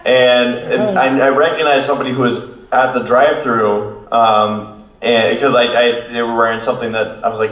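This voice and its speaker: A man's voice: medium pitch, moderate pace, fairly bright tone. A man hosting a convention panel, telling stories casually and laughing often. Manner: laughing, chatty storyteller. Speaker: podcast panel host. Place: convention hall room before an audience. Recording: echoey hall, voice from far off.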